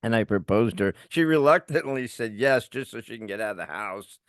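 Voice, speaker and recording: A man's voice: on the low side, a little fast, no room sound, clean studio sound. Laughing male podcast storyteller. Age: middle-aged. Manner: animated, laughs while telling a story. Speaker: podcast co-host. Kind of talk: casual storytelling.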